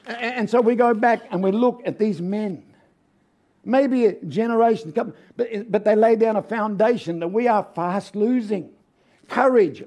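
An older man with an Australian accent preaches as a guest speaker, mixing homely stories with humor. His voice sits high for a man yet sounds warm and mellow. He keeps asking the congregation for an amen. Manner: folksy, humorous, calls out for amens. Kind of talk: sermon with storytelling.

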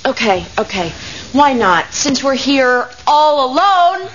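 A man's voice: extremely high pitch, sing-song, slow pace, heavily acted. A man doing a bored, blunt young woman. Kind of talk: comic sketch acting. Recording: muffled, with loud hiss and audience noise.

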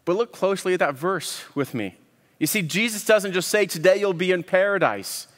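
A man preaches in an earnest, measured voice, pitched a little high for a man, circling back to repeat words as he lands each point. His voice carries a long reverb from a large church hall. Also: lively intonation, a bit bright. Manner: earnest, with frequent word repeats and pauses. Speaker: pastor. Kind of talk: sermon.

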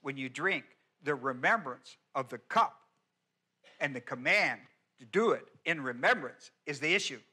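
Bright, emphatic male pastor. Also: fairly high pitch, expressive, normal speed, breathy edge. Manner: emphatic teaching, repeats key words, asks the congregation questions. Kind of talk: expository sermon.

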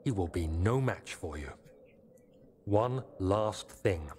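An actor playing a man's recorded note voice, grave and urgent, with a solemn, measured reading. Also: low voice, expressive, darkish tone, a little hiss or hum. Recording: long reverb with music behind.

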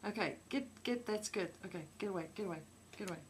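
A young woman chatting casually about a movie, playful and teasing, dropping into hushed asides. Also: mid-range voice, fast. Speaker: movie reviewer. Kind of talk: casual comedic chat.

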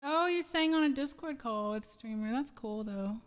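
Woman streamer chatting w her chat, kinda high voice, giggly and all over the place, long reverb on her mic. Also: lively intonation, moderate pace, clean tone. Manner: rambling, giggly, scatterbrained. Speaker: streamer and singer. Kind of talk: casual chat with live chat.

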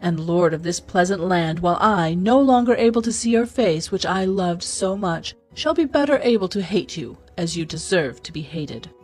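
A woman's voice: fairly low pitch, expressive, normal speed, hardly any pauses, husky, soft background music. A woman voicing a spiteful, ugly female fairy who speaks with disdain and command. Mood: vengeful.

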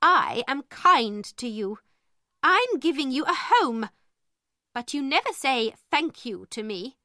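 A woman's voice: high voice, very animated, slow, no room sound, clean studio sound, pitched above the performer's own voice, full character voice. A woman voicing a strict, scolding headmistress in a storybook reading. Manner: sharp and scolding.

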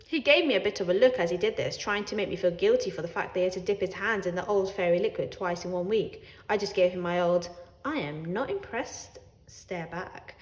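Woman storyteller, wry cat voice, lively pitch, roomy echo. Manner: wry, sardonic, expressive, laughs along. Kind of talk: children's read-aloud as a sarcastic cat narrator.

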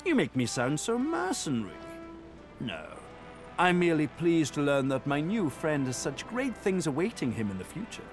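A suave, scheming middle-aged gentleman from a fantasy game, courtly and faintly mocking. His pitch sits a touch high and swings widely, with clear game music playing behind him. It is polished studio game voice work. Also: wildly swooping pitch, normal speed. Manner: smooth, courtly, faintly sardonic. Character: suave, calculating male ship passenger. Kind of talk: video game voice acting.

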